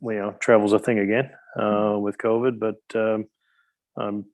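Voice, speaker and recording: A middle-aged man, talking as a podcast guest. His voice sits low and barely moves in pitch. He rambles and hesitates, leaning on lots of ums and uhs. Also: little pitch movement, moderate pace. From Newfoundland, Canada. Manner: rambling, hesitant, many fillers. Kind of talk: casual interview chat.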